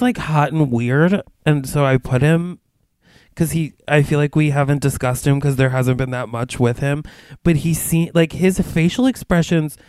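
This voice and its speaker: A man with a clear, resonant, slightly high voice runs the segments of a podcast. He talks casually and loosely, with plenty of filler words. The recording is dry and close. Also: a little mellow, no room sound. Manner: chatty, leads the segments, lots of "like". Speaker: podcast co-host. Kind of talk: casual chat.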